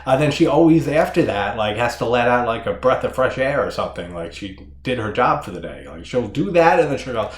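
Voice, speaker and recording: A man's voice: mid-range voice, expressive, a little fast, few pauses. Rambling, profane man in an echoey room. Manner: rambling, profane, laughs often. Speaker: horror movie reviewer. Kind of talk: casual solo movie discussion.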